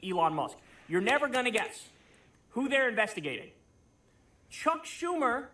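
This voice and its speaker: A man with a high voice delivers political commentary, sarcastic and openly incredulous. The sound is dry and close, with no room around it. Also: big pitch swings, fairly quick, sharp tone, no echo.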